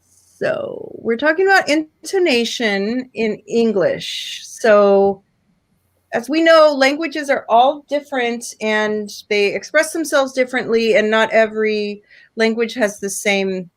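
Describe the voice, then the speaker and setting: American woman giving an online english lesson, slow careful talk, stretches example words. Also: a little high. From United States. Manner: slow, deliberate explaining with drawn-out example words. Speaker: English pronunciation teacher. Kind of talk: online seminar lecture. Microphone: video call.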